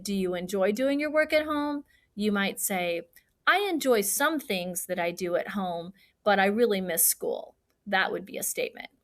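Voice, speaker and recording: A woman who teaches fourth grade, giving a recorded lesson to her pupils in a patient, clear way and acting out example sentences with feeling. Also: medium pitch, a bit bright. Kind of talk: recorded remote lesson for children.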